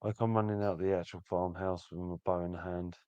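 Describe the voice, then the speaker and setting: A man with a very low voice calmly describes his character's actions in a tabletop game. His mic sounds dull and dry, with no room at all. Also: fairly quick, smooth, dry recording. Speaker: player. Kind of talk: casual tabletop game play.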